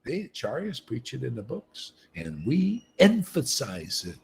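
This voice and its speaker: Emphatic husky-voiced man preaching live. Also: medium pitch, huge pitch swings, a little slow. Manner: emphatic and repetitive, laughs often. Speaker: livestream host. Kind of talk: animated spiritual preaching on a livestream. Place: livestream setup.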